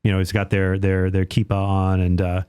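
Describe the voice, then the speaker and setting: A man with a fairly low voice chats as a podcast guest, telling stories in quick bursts. He restarts his sentences often, and his tone stays conversational. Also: completely flat delivery, mellow, clear, resonant tone. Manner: quick, chatty storyteller with frequent restarts. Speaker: guest, Catholic apologist. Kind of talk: casual podcast chat.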